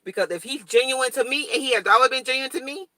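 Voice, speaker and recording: A young woman chats to her viewers in a casual morning vlog, blunt and straightforward. Her voice is bright and sharp. The sound is dry and close, with no room echo. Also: high-pitched, quick pace. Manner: blunt, straightforward, animated storytelling. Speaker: vlogger.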